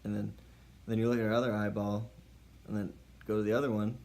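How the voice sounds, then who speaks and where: A man's voice: on the low side, flat delivery, fast, vocal fry, darkish tone. A man giving mock-serious dating advice in a playful comedy monologue.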